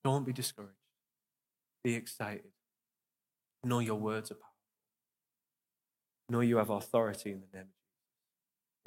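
A man's voice: lowish voice, steady tone, unhurried, long pauses, darkish tone. A young adult man preaching as a pastor, earnest and encouraging, repeating phrases for emphasis, and leading a closing prayer. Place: church hall. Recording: long reverb of a church hall.

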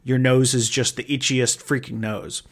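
A man talks alone into the mic for his podcast in a loose, rambling monologue. He is wry and self-mocking and swears casually as he talks. His voice sits at an ordinary middle pitch. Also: little pitch movement, moderate pace. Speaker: podcast host.

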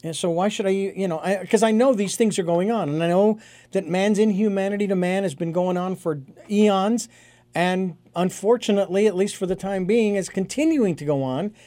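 A man hosting an interview, speaking reflectively and haltingly, with frequent restarts. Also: high voice, mellow, dry recording. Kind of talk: conversational interview.

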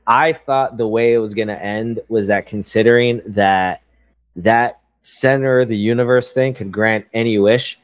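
A man co-hosting a casual podcast chat, talking hesitantly with many pauses and restarts. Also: mid-range voice, dull audio. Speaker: podcast co-host.

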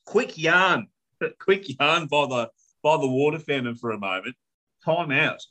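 A man's voice: a little high, expressive, measured pace, pushed and bright, rough recording. A man with an Australian accent, hosting a podcast and animatedly telling a story with swearing and laughter in casual chat. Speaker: podcast host.

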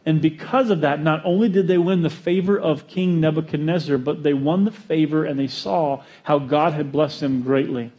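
A man preaching a sermon, storytelling with jokes and acting out quotes in an animated way. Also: fairly high pitch, moderate pace, few pauses, lo-fi sound. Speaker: pastor.

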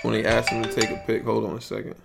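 Gravelly New podcast host. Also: male voice, lowish voice, level tone, fast talker, over music. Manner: rambling, loose and profane. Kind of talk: casual podcast chat.

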